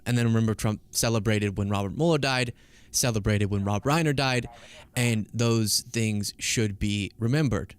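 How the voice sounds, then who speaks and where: A man's voice: fairly low pitch, normal speed, smooth. Emphatic man in political commentary. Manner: emphatic, argumentative, sarcastic. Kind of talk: casual political commentary stream.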